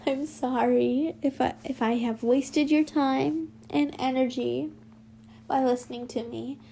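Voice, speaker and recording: Slow, high-voiced woman reading fan fiction. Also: steady tone, creaky, dark tone, a little hiss or hum. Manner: casual, swears and laughs in asides. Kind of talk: reading fan fiction aloud with chatty asides.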